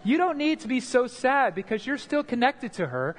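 A man voicing a kindly female schoolteacher who gently reassures a grieving child. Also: sits high, sing-song, moderate pace, voice pushed up. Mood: consoling. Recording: long hall reverb.

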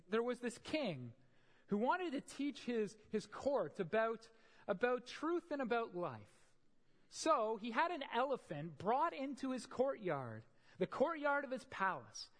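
A preacher tells a parable and then explains it in a sermon. The delivery is emphatic and animated, with a lively pitch and frequent "right?" asides. A long reverb trails through the hall. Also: unhurried. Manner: storytelling, emphatic, often adds "right?".

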